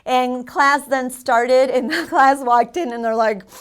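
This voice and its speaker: A woman hosting a community TV lesson, chatting casually and drilling vocabulary with loud, repeated prompts. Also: high voice, normal speed, hardly any pauses. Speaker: Spanish teacher and show host. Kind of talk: casual teaching on a community TV show.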